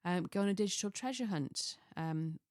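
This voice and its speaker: A middle-aged woman chats in a relaxed, rambling way, doubling back on herself and chuckling at her own asides. Her voice sits slightly low. The recording is dry and close, with no room sound. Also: moderate pace, no echo. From Chester, England. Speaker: lifestyle vlogger. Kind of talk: casual chatty monologue.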